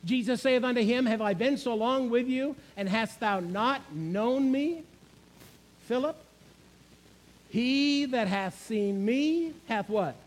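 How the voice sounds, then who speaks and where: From the pulpit, a man preaches a sermon in a very high-pitched voice, hammering on key phrases and putting questions to his listeners. He speaks slowly, and the recording is rough.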